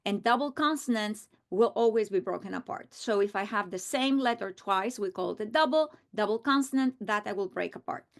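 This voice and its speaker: A middle-aged woman teacher modeling a reading strategy aloud, slow and deliberate, repeating words for emphasis. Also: medium pitch, animated.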